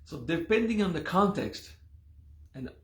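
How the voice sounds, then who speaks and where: A man teaching a live class, slowly and patiently explaining word meanings, checking in often with his students. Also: a little high, very animated, reverberant. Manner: slow, explains patiently with repeated "okay?".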